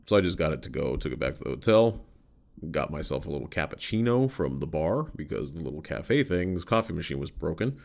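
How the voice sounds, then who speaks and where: A man's voice: a bass voice, very animated, a little fast, vocal fry, a little mellow. An American man hosting a podcast, telling a story in a loose, rambling way with casual swearing. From United States. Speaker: podcast host.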